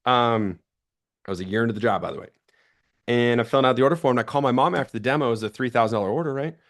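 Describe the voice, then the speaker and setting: A young man runs a motivational sales training session, speaking to a live audience. He tells stories in a lively, casual way and slips into the voices of the people he quotes. His voice sits at an ordinary pitch. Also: rapid-fire. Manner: animated storytelling, acts out quoted voices.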